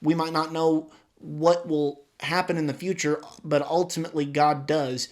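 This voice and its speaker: A man teaching a Bible study lesson, explaining verses plainly and reading scripture aloud with emphasis. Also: on the high side.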